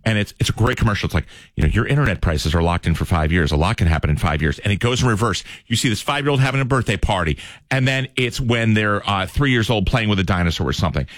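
Fast-talking young man host. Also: lowish voice, animated, dry recording, studio quality. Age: 20s. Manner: chatty, storytelling, a bit choked up. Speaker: radio show host. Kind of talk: casual radio chat.

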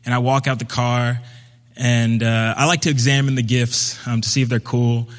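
A young man from Brooklyn tells a personal story on stage, at an easy, conversational pitch in the middle range. When he quotes other people, he pops up into higher, livelier voices. His voice rings out with the long reverb of a big hall. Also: flat delivery, moderate pace. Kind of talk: live storytelling performance.

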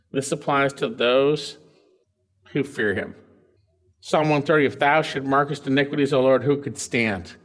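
A pastor preaches a verse-by-verse sermon, reading scripture aloud and then explaining it with emphasis. His delivery is emphatic, swinging from loud highs to quiet lows, and he puts questions to the congregation.

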